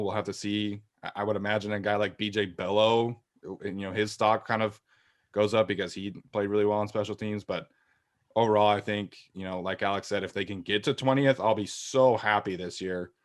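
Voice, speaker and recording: Low-voiced man in sports podcast chat. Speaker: podcast co-host.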